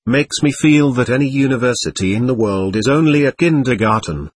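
A skeptical young student speaks bluntly and with indignation, as a male narrator reads him. The voice is a little husky and the recording is dry. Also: medium pitch, animated, a little fast, no echo.

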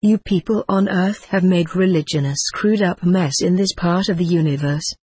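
A text-to-speech voice reading the lines of a calm female extraterrestrial teacher in an audiobook, with a flat, even synthetic delivery. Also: mid-range voice, moderate pace, slightly rough, no echo, close to an everyday voice.

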